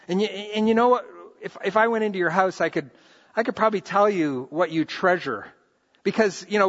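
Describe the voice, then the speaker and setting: A middle-aged man preaching a sermon as a pastor, earnest and animated, often restarting his phrases. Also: sits high. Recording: reverberant hall, muffled lo-fi sound.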